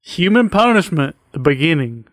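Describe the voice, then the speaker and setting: A man hosting a casual podcast, swearing freely and enthusiastically pitching a board game to his co-host. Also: very animated, normal speed, dry recording, clean studio sound. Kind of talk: casual chat.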